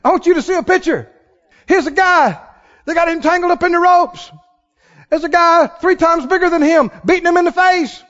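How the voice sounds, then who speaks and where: In a church sanctuary, a man preaches a sermon emphatically, calling on the congregation to respond. His voice is extremely high-pitched and a bit bright at a normal speed, and the sound is dull within a large, reverberant hall.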